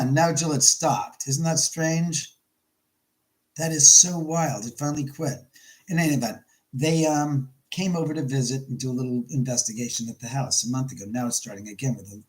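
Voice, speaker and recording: A man's voice: medium pitch, moderate pace, rough recording. A man hosting a casual live stream from his home, rambling and stopping to greet viewers by name. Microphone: camera mic on a live stream.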